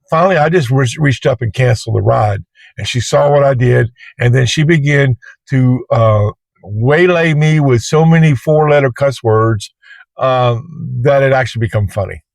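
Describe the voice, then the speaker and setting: A man with a mid-range voice and vocal fry is recorded with no echo. An Uber driver and vlogger, he sits in his parked car telling a story to camera in a plain-spoken, colloquial, rambling way.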